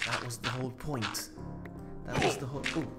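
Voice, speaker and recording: A woman's voice: a bass voice, fairly quick, a bit bright, soft background music. A woman playing a game with a friend on stream, joking around and sometimes hesitating. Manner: playful, hesitant, jokey. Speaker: co-player and guest. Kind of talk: casual chat while gaming.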